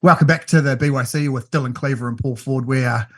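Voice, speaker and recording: Husky-voiced New Zealand podcast host. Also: male voice, medium pitch, fast, fairly bright tone. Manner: chatty, leading questions. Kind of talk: casual chat.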